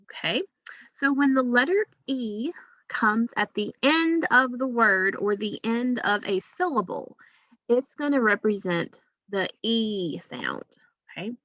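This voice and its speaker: A woman's voice: on the high side, very animated, slow pace, a bit bright, no room sound, muffled recording. A woman teacher giving a phonics lesson to young children, patient and drawing out each sound.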